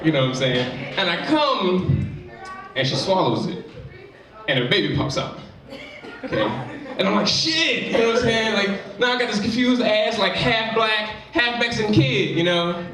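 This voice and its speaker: A man performs stand-up in a live venue, loose and chatty, sprinkling in "you know what I'm saying" constantly. His high voice has lively intonation at a moderate pace. The room is echoey, the mic distant, and a crowd is audible.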